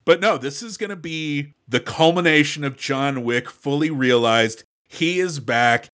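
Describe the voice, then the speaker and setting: Dude on a movie podcast, pumped about the film, kinda high voice. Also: male voice, measured pace. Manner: enthusiastic, excitable fan. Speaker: podcast co-host. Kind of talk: casual movie discussion.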